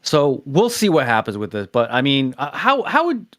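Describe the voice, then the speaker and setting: A man in a middle pitch co-hosts a chatty podcast among friends. He reads out topic intros, then falls into loose talk full of restarts. His voice sits close and dry, with no room sound. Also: wildly swooping pitch, normal speed, fairly bright tone, no echo. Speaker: podcast co-host. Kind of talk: casual chat.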